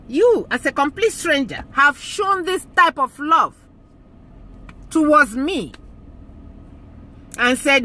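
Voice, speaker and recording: Slow-spoken woman with a bright voice. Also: high-pitched, animated. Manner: emotional, earnest, repeats phrases for emphasis. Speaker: YouTube channel host. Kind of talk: heartfelt thank-you talk to viewers.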